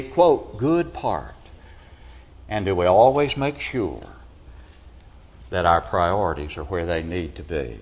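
Low-voiced guy preaching in church, loud then quiet, lots of "can't you?" type questions. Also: lively intonation, slow pace, long pauses. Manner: asks the congregation rhetorical questions; swings from loud emphatic peaks to low quiet drops. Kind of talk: sermon. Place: church building.

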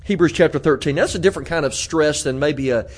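A man's voice: fairly high pitch, quick pace. A man preaching a conversational sermon in a church, earnest, with frequent restarts and repeated words. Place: church auditorium.

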